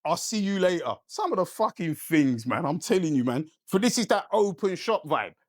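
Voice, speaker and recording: Slightly high in pitch and moderately paced, this podcast guest spins a long story, swearing freely and checking in with his listener by asking "right?" again and again. He's animated throughout, and the studio sound is clean with no echo.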